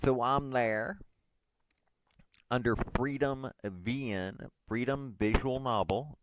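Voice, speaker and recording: A man's voice: mid-range voice, takes it slowly, noisy background. A man in his forties, hosting his own podcast, rambles casually and self-deprecatingly, with lots of hesitant fillers. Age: 40s. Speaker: podcast host.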